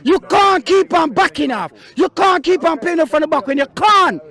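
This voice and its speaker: A man's voice: very high voice, animated, normal speed, sharp tone. A man, a football fan, ranting passionately to camera outside the ground. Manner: impassioned, emphatic, repeats for stress.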